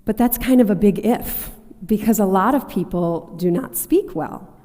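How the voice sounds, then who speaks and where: Mellow-voiced woman singing teacher speaking on stage. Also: medium pitch, normal speed. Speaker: singing teacher and opera singer. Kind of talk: stage presentation. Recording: long hall reverb.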